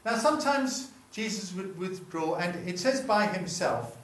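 This preacher speaks a little slowly in a high-pitched, fairly bright voice with lively intonation, chatting with the congregation and breaking off mid-sentence to ask them questions. He is recorded from far off in an echoey room, with slight background noise.

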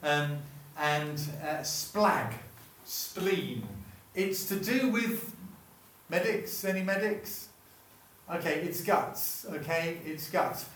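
A man with a fairly high, fairly bright voice preaches slowly and conversationally, frequently cutting himself off to ask the congregation questions. His voice comes from a distance in an echoey room.

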